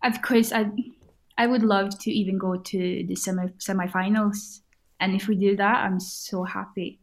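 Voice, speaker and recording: A woman's voice: mid-range voice, steady tone, normal speed. A woman guest whose first language is Swedish and whose English carries a Scottish-sounding accent; she answers casually and sometimes searches for words. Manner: searches for words, hesitant restarts. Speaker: band member guest.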